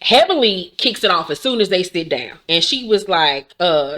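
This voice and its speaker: A woman in her forties, tired and yawning, recapping a reality show in casual, animated talk full of swearing and laughter. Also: fairly low pitch, moderate pace, few pauses, background noise. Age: 40s.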